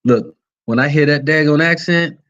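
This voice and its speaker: Folksy Vodou priest talking to followers. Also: male voice, fairly high pitch, moderate pace, fairly bright tone, lo-fi sound. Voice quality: folksy and plain-spoken, uses y'all. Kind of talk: casual livestream talk to followers.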